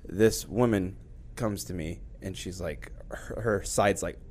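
A man co-hosting a casual podcast chat, telling a long story in an animated way and acting out the voices of the people in it. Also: deep voice, takes it slowly. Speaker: podcast co-host.

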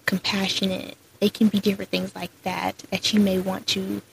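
A young woman talks through her solo podcast in a chatty, upbeat way, filling her sentences with "like" and "so". Her mid-pitched voice has a gravelly, creaky edge, and faint noise hums under the recording. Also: little pitch movement, moderate pace, poor audio. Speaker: podcast host. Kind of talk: casual solo podcast chat.

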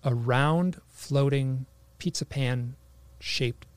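A man telling a personal story in a casual, halting way, full of restarts, animating the voices he quotes. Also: mid-range voice, dry recording. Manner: animated, acts out quoted lines.

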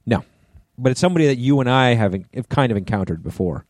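A middle-aged man chats on a podcast in a relaxed, mellow voice. His stories wander, with plenty of restarts and casual swearing, and the close, dry studio sound keeps him right up front. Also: mid-range voice, quick pace, dry recording. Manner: rambling storyteller with many restarts and profanity. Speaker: podcast co-host. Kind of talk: casual chat.

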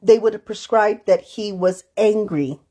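A woman's voice: mid-range voice, unhurried, dark tone. Lady therapist on a podcast, tells stories and does the voices of the people in them. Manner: storytelling, acts out quoted dialogue. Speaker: therapist co-host. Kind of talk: podcast conversation.

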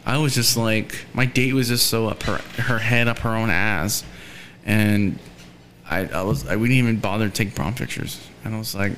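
A man's voice: lowish voice, moderate pace, fairly bright tone, slight background noise. A young man in casual talk, telling a rambling story and acting out the voices of the people in it.

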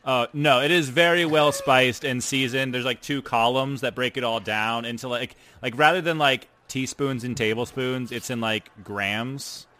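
Bright-toned male game master, halting filler-heavy narration. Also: mid-range voice, slight background noise.

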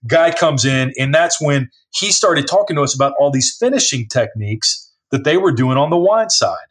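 A man's voice: on the high side, moderate pace. A man who works as a distiller, telling stories conversationally and acting out what other people said. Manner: animated storyteller, acts out other people's lines. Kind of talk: conversational storytelling.

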